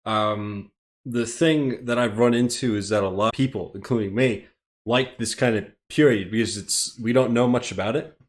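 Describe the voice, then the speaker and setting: An American man reads a script live for his stream viewers, breaking off into rambling, self-deprecating asides. His voice sits at an ordinary male pitch and his talk is loose and unscripted. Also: steady tone, normal speed. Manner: rambling and self-deprecating, chuckling between phrases. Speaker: streamer, host.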